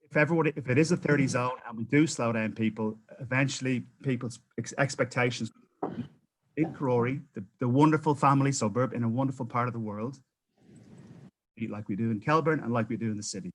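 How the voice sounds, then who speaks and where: A man's voice: medium pitch, fast talker, a little hiss or hum, rough recording. A New Zealand man giving impassioned public testimony at a council hearing, pleading his case with frequent restarts.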